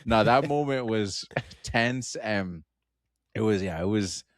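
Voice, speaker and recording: A man's voice: lowish voice, takes it slowly, no room sound, studio quality. A man co-hosting a podcast, talking about a film in a loose, chatty way, full of filler words. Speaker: podcast co-host. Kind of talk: casual film review chat.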